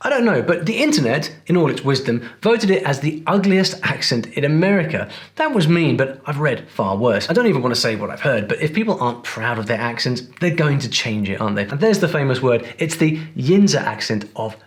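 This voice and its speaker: Lively man hosting an accent lesson. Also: medium pitch, a little fast, few pauses. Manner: playful, teasing questions to the viewer. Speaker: linguist and channel host. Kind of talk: upbeat explainer narration.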